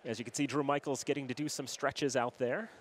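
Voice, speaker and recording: A young man from New does play-by-play for a college hockey game on local access TV, rattling off stats conversationally and shouting on goals. His mid-range voice has fairly even intonation and a slightly fast pace, with a bit of background noise.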